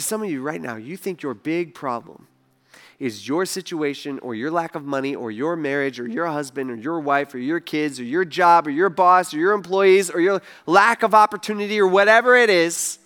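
A male pastor preaches a sermon animatedly, acting out the voices he quotes and swinging between loud and soft. His voice is a little high.

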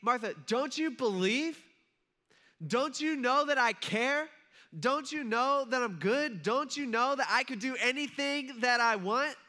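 A man voicing Jesus as a gentle male teacher who asks slow, pleading questions. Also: high-pitched, fairly even intonation, voice pushed up.

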